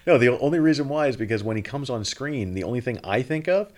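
A man's voice: medium pitch, animated, quick pace, darkish tone. A man co-hosting a podcast in casual chat, often stumbling over his words and laughing. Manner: stammering restarts, laughs often. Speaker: podcast co-host.

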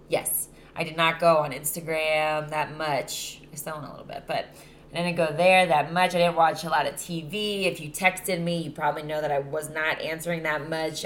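Tired woman, low voice, swearing casually. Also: a little hiss or hum. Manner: candid, rambling, swears freely. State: exhausted. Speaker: podcast host. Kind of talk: casual solo podcast chat.

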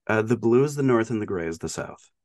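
A man's voice: lowish voice, expressive, fast talker, darkish tone, no echo, studio quality. A man co-hosting a podcast, casually and animatedly retelling a film's plot with lots of "like" and "uh". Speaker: podcast co-host. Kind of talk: casual film discussion.

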